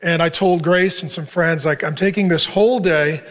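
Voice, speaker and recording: A man's voice: on the high side, steady tone, moderate pace, fairly bright tone. A middle-aged man, a pastor, telling a personal story in an earnest, conversational sermon to a men's group.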